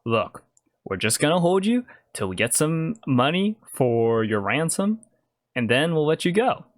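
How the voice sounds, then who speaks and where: A man putting on a bossy, scolding snake-woman bandit boss, pushed up high above his own voice. She is fed up with her gang and snaps at them. The sound is dry and close. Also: very animated, a little slow, no room sound. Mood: exasperated. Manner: exasperated, scolding. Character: bossy female snake-folk bandit leader.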